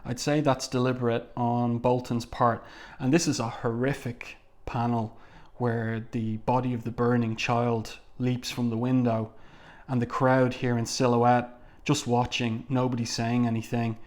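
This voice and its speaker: A man talks casually through a comic, pausing often with hesitant fillers while he describes each scene. His voice sits at an ordinary middle pitch for a man. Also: flat delivery, a little mellow. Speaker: comic book reviewer. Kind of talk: casual commentary.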